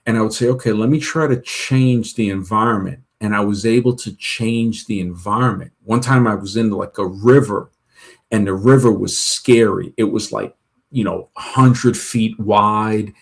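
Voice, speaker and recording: A man's voice: fairly low pitch, normal speed, gravelly. A man telling long personal stories in a casual chat, rambling with many restarts and retold dialogue. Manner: rambling, full of restarts and "she goes" retellings.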